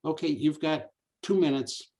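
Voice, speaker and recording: Husky man chairing a meeting. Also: fairly high pitch, a little mellow. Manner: informal, brisk procedural. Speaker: board chair.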